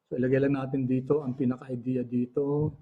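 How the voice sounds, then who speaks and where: A man with a Filipino accent teaching an online class, switching between languages and pausing often with fillers and throat clearing. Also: medium pitch, little pitch movement. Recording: dull lo-fi audio.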